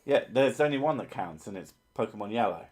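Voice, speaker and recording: A man with a fairly low voice hosts a laid-back livestream, riffing on viewer comments. He jokes constantly, swears freely and drifts off topic easily. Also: lively intonation, brisk, darkish tone. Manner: profane, joking, easily sidetracked. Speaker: livestream host reading chat. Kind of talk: casual livestream chat.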